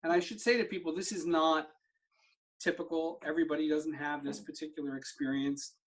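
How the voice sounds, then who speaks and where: A middle-aged man with a voice on the high side speaks fairly quickly with fairly even intonation. He's a somatic therapy practitioner appearing as a guest, telling a personal story in conversation. He's a vivid storyteller who acts out the dialogue he remembers.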